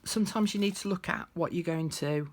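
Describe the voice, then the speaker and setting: A woman's voice: lowish voice, brisk. A woman chatting casually through a craft tutorial, thinking aloud as she works.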